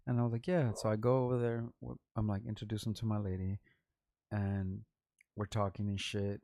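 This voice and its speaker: A man's voice: lowish voice, flat delivery, brisk, mellow, no echo. A middle-aged man from Los Angeles, a rapper hosting his own vlog, telling a long, rambling, profane story in casual talk and repeating himself. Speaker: vlog host, underground rapper.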